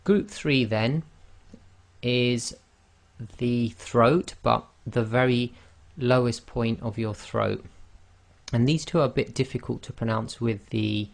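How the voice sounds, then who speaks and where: Slow, gravelly-voiced male pronunciation teacher. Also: medium pitch. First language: not Arabic. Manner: slow, patient, demonstrates sounds by repeating them. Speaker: online Quran teacher. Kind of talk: pronunciation lesson.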